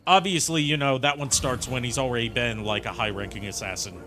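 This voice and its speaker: A man's voice: mid-range voice, a little fast, sharp tone. A man streaming a game and chatting casually, rambling and opinionated with lots of fillers. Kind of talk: casual gameplay commentary. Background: game music.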